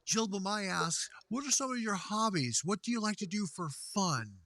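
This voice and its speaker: Folksy middle-aged guy hosting a stream, bright voice, lots of ups and downs, dry sound. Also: sits high, lively intonation, moderate pace, no room sound. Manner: folksy and effusive, Southern-style pleasantries. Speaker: host. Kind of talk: casual livestream chat, reading viewer comments.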